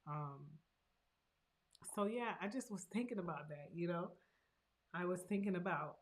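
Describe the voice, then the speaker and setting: A woman's voice: on the low side, moderate pace. A woman, a therapist and host, talking earnestly and encouragingly about her own hard experience. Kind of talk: heartfelt personal talk.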